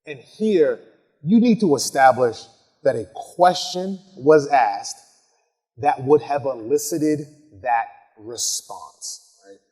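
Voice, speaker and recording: A man's voice: medium pitch, expressive, a little mellow, slightly rough. A man, a criminal defense lawyer, teaching a recorded masterclass in a conversational way, often asking "right?" and restarting sentences. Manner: conversational, tags points with "right?", frequent restarts; reads example lines slowly and dramatically. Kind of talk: recorded legal masterclass lecture.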